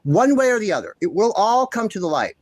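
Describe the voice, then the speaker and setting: A man hosts a ranting commentary vlog, speaking with heated, indignant passion and liberal swearing. His voice swings widely in pitch as he hammers the same points again and again. The sound is dry and close, with no room echo. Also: very animated, a little fast. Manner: repeats himself insistently. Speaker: commentary channel host.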